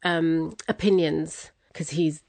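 A young woman telling a personal story as an interview guest, candid and quick to laugh, acting out what people said. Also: low-pitched, steady tone, creaky, a little mellow, no room sound. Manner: candid, laughs often, acts out quotes.

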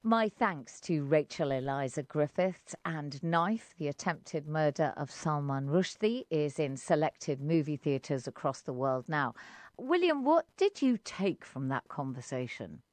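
An English woman presents an arts programme on the radio. Her delivery is lively, with pitch that rises and falls freely. The studio sound is dry, with little room around her voice. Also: unhurried, no room sound. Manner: lively, expressive intonation.

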